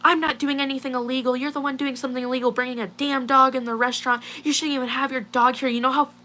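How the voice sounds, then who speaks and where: A young woman voicing an angry middle-aged restaurant owner in a high, indignant scolding tone. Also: little pitch movement, fast, pushed and bright, a little hiss or hum.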